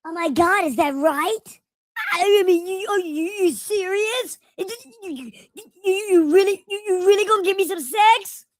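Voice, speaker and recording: A man's voice: very high voice, a little slow, pitched above the performer's own voice. A man doing a mocking voice of a flustered, timid young man who gushes and stammers. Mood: stammering. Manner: stammering, gushing.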